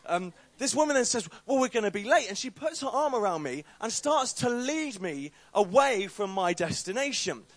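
A man's voice: high-pitched, sing-song, moderate pace, hardly any pauses, no echo. A young man giving an informal talk to a faith group, telling a story with chatty, self-deprecating asides.

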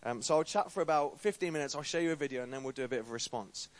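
A man's voice: mid-range voice, rapid-fire. A young man giving an informal talk to a faith group, telling a story with chatty, self-deprecating asides.

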